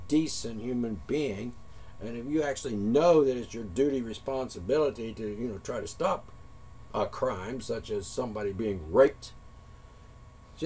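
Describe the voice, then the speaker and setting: A man's voice: medium pitch, animated, moderate pace, darkish tone, slightly rough. A man delivering a heated, profane monologue rant straight at his listeners. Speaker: vlogger.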